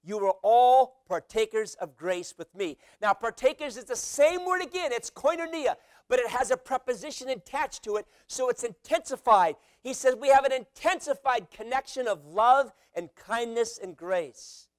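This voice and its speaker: A man preaching a sermon as pastor, animated, acting out quotes with sudden loud shouts. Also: extremely high pitch, moderate pace, dry recording, clean studio sound.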